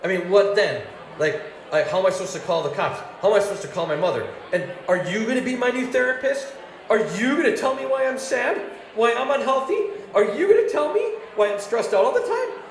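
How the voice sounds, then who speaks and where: A man putting on the voice of an irate phone customer, ranting and complaining ever higher. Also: animated, brisk. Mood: whiny ranting. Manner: ranting, complaining, rising pitch. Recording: roomy ambience with faint noise.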